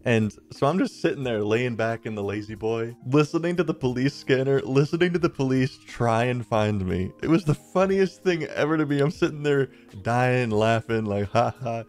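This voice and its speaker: This time his voice is medium in pitch and darkish, with lively intonation, normal speed and barely any pauses. The channel's twenty-something host rambles chattily through a personal story over gameplay, peppering it with "like" and "dude."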